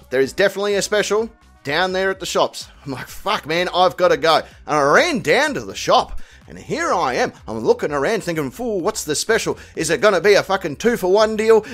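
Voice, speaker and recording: A man's voice: sits high, a bit bright. A man hosting a commentary show, telling crude, mocking jokes in long rambling bits. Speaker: host of a police-video commentary channel. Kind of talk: comedic commentary.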